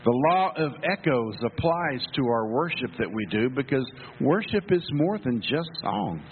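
A male pastor delivers a sermon at an unhurried pace, leaning into repeated phrases as he tells a story. The sound is narrow and phone-like, with long reverb from the church hall and a faint mains hum underneath. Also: medium pitch. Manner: storytelling preacher, emphatic, with repetitions. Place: church sanctuary.

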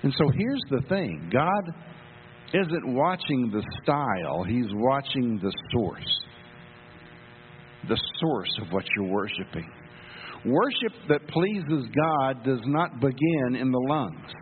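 Pastor guy preaching slow and emphatic, tinny phone-like sound with a long church echo. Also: medium pitch, animated. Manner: storytelling preacher, emphatic, with repetitions. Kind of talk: sermon. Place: church sanctuary. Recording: phone-like sound in a reverberant hall, faint hum.

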